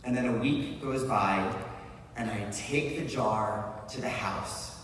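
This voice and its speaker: A man telling a true story on a live stage in an animated, breathless way, often laughing at himself. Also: fairly low pitch, takes it slowly, distant mic, a little hiss or hum. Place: large live venue. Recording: echoey hall, heard from afar.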